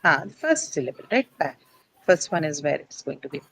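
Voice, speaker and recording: A woman's voice: deep voice, sing-song, brisk, a bit bright, dry recording, poor audio. A woman teaching English word stress to a class. She explains step by step, often says "uh", and asks her students questions.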